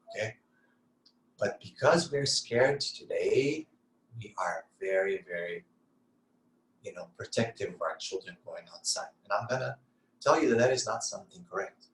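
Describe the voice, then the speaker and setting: A man's voice: on the low side, a bit bright. Earnest man preaching in an echoey room. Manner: earnest, rhetorical questions and answers. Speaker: Islamic lecturer. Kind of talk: sermon-style talk on parenting.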